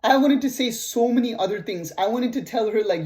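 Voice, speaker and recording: A man's voice: very high voice, fairly quick, few pauses, dark tone. A man with a Canadian accent telling a personal story in a casual vlog, blunt and profane. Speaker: vlogger.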